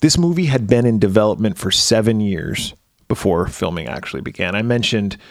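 A man's voice: lowish voice, lively intonation, fairly quick, no room sound, studio quality. A man co-hosting a podcast, casually reading off film trivia and laughing often. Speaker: podcast co-host. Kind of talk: casual movie chat.

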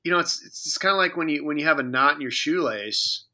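A man's voice: a little high, lively intonation, fast talker, pushed and bright. A man co-hosting a podcast in casual chat, joking and rambling with many fillers and restarts. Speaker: podcast co-host.

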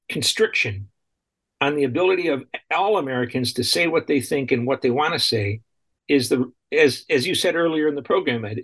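A man's voice: fairly high pitch, fairly bright tone, breathy edge. A man co-hosting a talk radio show, speaking indignantly and often repeating and restarting his phrases.

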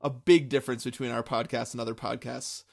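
A man with a mid-range, gravelly voice co-hosts a casual podcast. He slips in dry, deadpan jokes during the chat, keeping his tone offhand. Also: mid-range voice, fairly quick. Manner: dry, joking asides. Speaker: podcast co-host.

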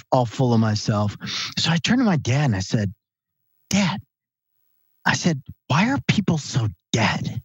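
A man's voice: medium pitch, dry recording. A man in his late fifties, a guest author on an interview podcast, telling stories with animation and acting out the dialogue he quotes. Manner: animated storyteller who acts out quoted dialogue. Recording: slightly dull, dry sound.

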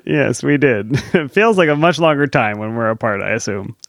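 Relaxed male podcast co-host, easy laugh. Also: mid-range voice, moderate pace, creaky, dry recording, clean studio sound. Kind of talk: casual chat.

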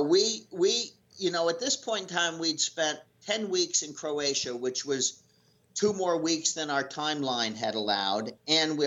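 A man from the United States tells a long anecdote as a guest, his slightly raised voice looping through fillers and restarts. The audio is dull and lo-fi, as if from a modest recording setup. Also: on the high side. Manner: animated storyteller, rambling with fillers and restarts. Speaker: guest telling a sailing story. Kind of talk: casual anecdote.

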